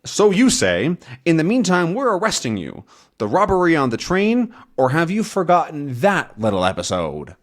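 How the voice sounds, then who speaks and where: Bumbling detective read by a man, stern and self-assured, voice lifted a bit higher. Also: huge pitch swings, normal speed.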